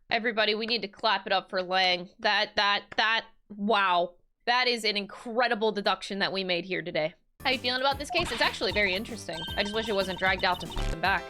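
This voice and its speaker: A young woman streamer commenting on a game she plays, excitable and swearing, often breaking into loud shrieks. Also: medium pitch, a little fast. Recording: game music behind.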